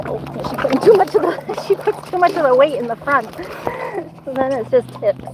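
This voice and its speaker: A woman's voice: high-pitched, animated, normal speed, noisy background. A woman filming herself outdoors at a lake with her dog, talking casually and laughing often, recorded by a camera on a tripod. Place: outdoors at a lake shore and woods.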